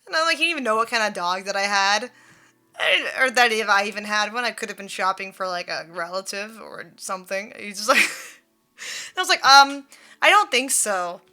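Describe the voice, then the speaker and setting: A woman streamer telling a story in casual chat, animated and full of fillers, laughing and swearing as she goes. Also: medium pitch, a little fast.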